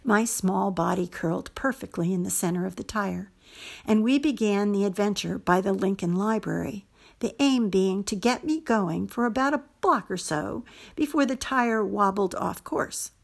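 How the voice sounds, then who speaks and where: A woman hosting a show, reading a first-person story aloud in a measured, scripted way. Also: mid-range voice, vocal fry. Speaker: host and story reader.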